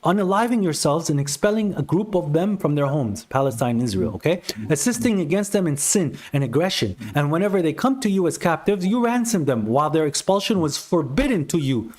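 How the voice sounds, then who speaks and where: A man hosting a heated religious debate, talking over his opponent and reciting verses quickly. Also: fairly high pitch, big pitch swings, a little mellow. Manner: fast, insistent, interrupts, recites verses quickly. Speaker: debate stream host.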